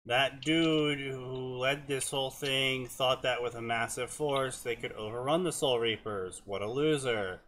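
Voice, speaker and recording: A young man reading fanfiction aloud in a flat, casual way, stumbling over names and breaking off to mock the text. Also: mid-range voice, unhurried, hardly any pauses, a little hiss or hum. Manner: reads flatly, slips and stumbles on names. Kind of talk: casual reading with mocking commentary.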